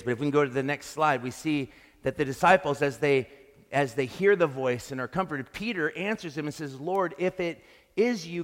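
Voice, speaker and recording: Man, pastor, sermon, earnest and reflective, medium pitch, long hall reverb. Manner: earnest, reflective preaching with restarts.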